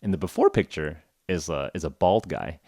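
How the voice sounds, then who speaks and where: Brief: young male podcast host, deep voice, relaxed self-deprecating storyteller, dry close sound. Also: normal speed, no echo. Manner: chatty and self-mocking, with many fillers like "uh" and "like". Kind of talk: casual storytelling podcast for English learners.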